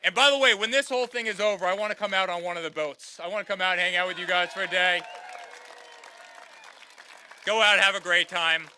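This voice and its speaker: Guy in his 30s firing up a rally crowd, high bright voice, keeps repeating himself. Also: brisk, long pauses, slight background noise. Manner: repetitive, rallying crowd, addresses them as guys. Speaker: campaign speaker. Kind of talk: campaign rally speech. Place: outdoor campaign rally.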